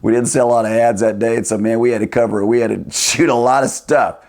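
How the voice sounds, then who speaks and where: A man's voice: mid-range voice, steady tone, fast talker, darkish tone. A man, a former TV news cameraman, telling a story casually and chattily, often laughing and saying "you know".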